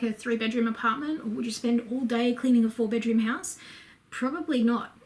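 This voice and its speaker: A woman's voice: fairly high pitch, a little mellow. Chatty Australian woman vlogger. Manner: chatty and candid, many fillers and asides. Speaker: home and lifestyle vlogger. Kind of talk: casual Q&A chat to camera.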